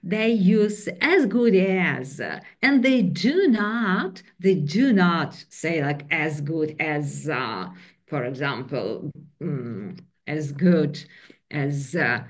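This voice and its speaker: Slow, hesitant woman lecturer. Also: low voice, lively intonation. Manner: hesitant, many fillers and restarts. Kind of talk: academic presentation on slides. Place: online training session.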